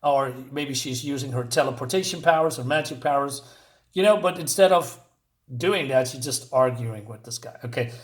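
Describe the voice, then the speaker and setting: A man's voice: medium pitch, normal speed. A man reviewing a comic book in a rambling rant, exasperated and sarcastic, with many fillers and restarts. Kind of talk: ranting review.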